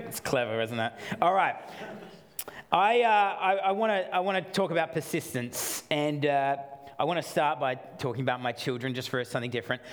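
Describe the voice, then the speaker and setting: Pastor preaching in a higher voice. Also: male voice, normal speed. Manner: conversational, builds to emphatic repetition. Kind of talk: sermon.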